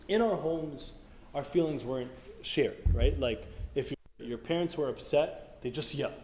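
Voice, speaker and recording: This speaker's voice sits a little high and sounds a little mellow, and he moves at a measured pace. Addressing a church youth meeting, he keeps his sermon casual and conversational, frequently asking the listeners questions, while faint room noise drifts through the echoey hall.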